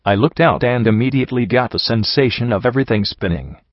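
A man's voice: medium pitch, fast talker, dry recording. A man reading a first-person story aloud, with dry, wry asides. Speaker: audiobook narrator. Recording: dull lo-fi recording.

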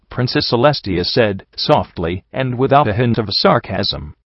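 A man narrating a first-person story in a steady reading voice. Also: medium pitch, measured pace, vocal fry, hardly any pauses, no room sound, lo-fi sound.

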